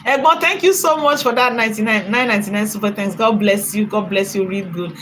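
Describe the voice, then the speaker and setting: A woman's voice: medium pitch, brisk, fairly bright tone, slight background noise, low-quality recording. A woman with a Nigerian accent, chatting and commenting on a live stream, laughing often and thanking viewers for donations at length.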